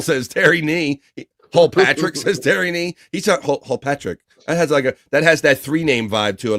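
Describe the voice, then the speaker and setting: A man's voice: medium pitch, no room sound, studio quality. A man hosting a livestream talk show, wisecracking, laughing often and reading viewer comments.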